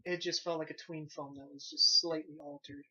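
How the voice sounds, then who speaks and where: An animated, sarcastic young man riffs through a casual movie review, swearing offhandedly as he mocks what he watched. The sound is dull and lo-fi. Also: a little high, a little fast. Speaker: movie reviewer, site host.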